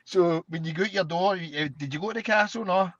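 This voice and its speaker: A man's voice: high voice, fairly quick, fairly bright tone, no room sound, highs cut off. A man in a casual chat, telling stories with heavy slang, swearing, laughing.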